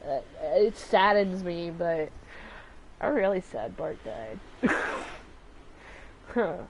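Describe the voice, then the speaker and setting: A woman's voice: on the low side, very animated, slow, darkish tone, slight background noise, rough recording. A woman with a Southern US accent, chatting through gaming commentary in an effusive, rambling way. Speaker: let's play host.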